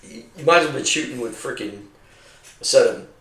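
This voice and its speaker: Talking a little fast, this middle-aged former soldier spins profane, rambling war stories over drinks, animatedly acting out his fellow servicemen. He has an ordinary-pitched voice that comes across roomy and slightly distant from the mic.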